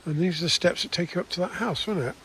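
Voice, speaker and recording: Older male vlogger, chatty walking commentary, slightly high voice, faint outdoor hiss. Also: fast, fairly bright tone. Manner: chatty, rambling with restarts. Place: outdoors in countryside.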